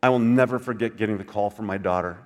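A man's voice: fairly low pitch, fast talker. Conversational older male pastor. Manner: conversational, asks the audience questions, drops to soft quiet passages. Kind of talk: sermon.

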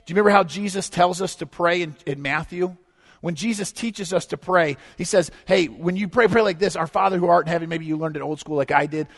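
A man preaching a sermon as pastor, swinging from hushed to loud and emphatic and acting out quotes. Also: high voice, a little fast. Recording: long echo of a large hall.

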